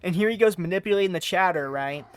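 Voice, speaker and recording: A man's voice: sits high, fast talker, slight background noise. A man commenting on a stream clip, exasperated and mocking, often calling the subject "bro". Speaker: commentary host. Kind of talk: reaction commentary.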